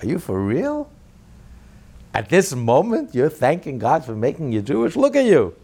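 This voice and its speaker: A man's voice: a little high, huge pitch swings, moderate pace, breathy edge, voice pushed up, heavily acted. A man acting out a cruel male Nazi soldier who mocks and taunts a Jew he is beating. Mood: mocking. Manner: taunting, scornful, shouting rhetorical questions.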